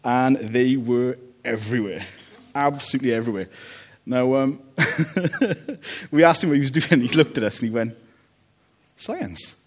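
A man preaching a relaxed, conversational sermon, joking about family life and often checking in with "okay?". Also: medium pitch, normal speed. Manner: chatty, jokey, checks in with "okay?".

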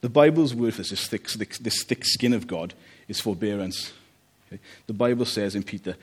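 A man preaching a relaxed, conversational sermon, joking about family life and often checking in with "okay?". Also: lowish voice, normal speed, hardly any pauses, husky. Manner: chatty, jokey, checks in with "okay?".

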